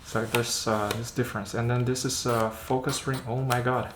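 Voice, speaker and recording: A man doing a casual unboxing vlog about camera gear, chatting in a halting way and thinking aloud as he handles the lens. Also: medium pitch, little pitch movement, noisy background. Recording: roomy echo.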